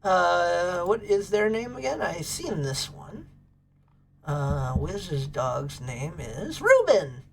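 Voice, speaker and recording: Chatting with viewers on a casual livestream, a woman bubbles over, gushing about pets and thanking chat. Her voice is lowish and gravelly, her pace slow, and there's slight background noise.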